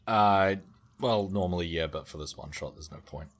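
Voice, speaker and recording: A man narrating as game master of a tabletop game, describing scenes calmly with hesitant fillers. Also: low voice. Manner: calm, measured descriptions with fillers.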